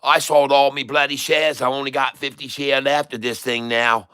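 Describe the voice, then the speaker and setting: A man playing a rowdy bloke, Australian accent, loud, slangy, bright, clear. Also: medium pitch, flat delivery, normal speed, natural voice. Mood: excited. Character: rowdy male Australian bloke selling shares.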